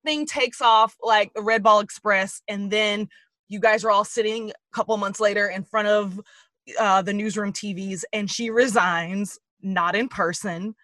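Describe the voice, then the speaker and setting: A woman's voice: medium pitch, fairly even intonation, a little slow, a bit bright, dry recording, studio quality. A woman hosting an interview, asking casual questions, laughing and swearing freely. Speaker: podcast host interviewer.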